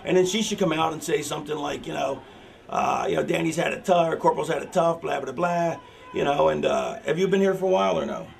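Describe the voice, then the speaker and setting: A man's voice: fairly high pitch, expressive, fast talker, gravelly, slight background noise. A man talking a younger wrestler through a match plan in a rambling, profane way, full of "you know". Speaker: veteran wrestler coaching a younger wrestler. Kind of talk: casual backstage planning talk. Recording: music playing in the background.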